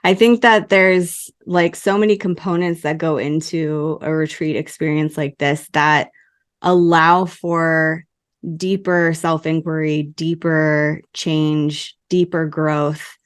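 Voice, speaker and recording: A woman with a low voice hosts an interview. She thinks aloud and builds slowly toward her question. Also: steady tone, clear, resonant tone. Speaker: podcast host. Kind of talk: interview conversation.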